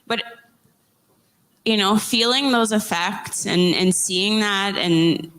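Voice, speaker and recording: A young adult woman hosting a podcast, sharing a heartfelt personal story in an earnest, emotional way, halting and restarting as she speaks. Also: medium pitch, a bit bright. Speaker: podcast host interviewing survivors.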